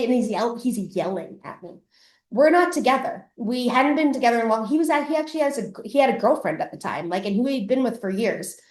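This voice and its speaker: A woman who coaches and hosts a podcast, giving a live motivational masterclass in an emphatic, casual way that is full of swearing. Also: a little high. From Canada. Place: room at a live event. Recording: roomy echo.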